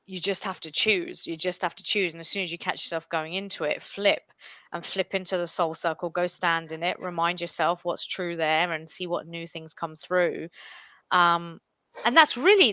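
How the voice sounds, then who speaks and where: A woman's voice: on the low side, normal speed, no room sound. A woman co-hosting a casual podcast, talking emphatically about spirituality and the ego. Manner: animated, emphatic, shifting pace. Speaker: podcast co-host.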